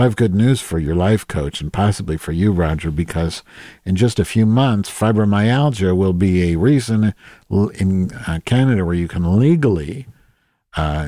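A low, dark-voiced man reads out a listener's letter and keeps breaking off to mock it. His delivery is deadpan and sarcastic, and the recording is close and dry. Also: no room sound. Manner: mocking, deadpan asides. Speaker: host reading listener letters. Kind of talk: sarcastic commentary.

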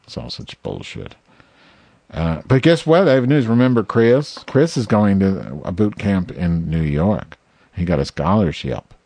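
A man making a prank phone call, talking in a sardonic, mumbling, deadpan way. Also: low-pitched, measured pace, vocal fry, no echo. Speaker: prank caller.

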